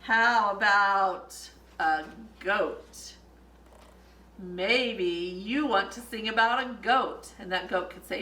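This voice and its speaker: A woman hosting a children's story time, speaking slowly in a playful sing-song way, singing nursery songs and making animal sounds. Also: medium pitch, very animated, sharp tone, far from the mic, a little hiss or hum. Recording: echoey room, voice from off mic.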